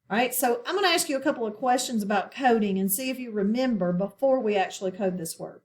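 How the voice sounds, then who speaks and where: A woman teaching a phonics lesson to children, asking questions and pausing patiently for answers. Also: on the high side, lively intonation. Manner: slow, patient, asks questions and pauses.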